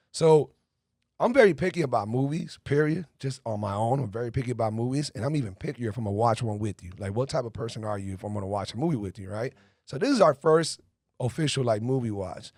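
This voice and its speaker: A man hosting a podcast, telling stories in a profane, animated way during casual chat. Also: medium pitch, dry recording, clean studio sound. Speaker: podcast host.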